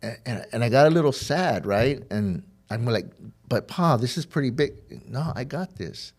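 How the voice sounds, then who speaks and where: A man's voice: medium pitch, animated, normal speed, darkish tone. A man sharing his recovery story as a podcast guest, talking candidly with many fillers and restarts, and acting out the dialogue as he tells it. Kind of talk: heartfelt personal storytelling.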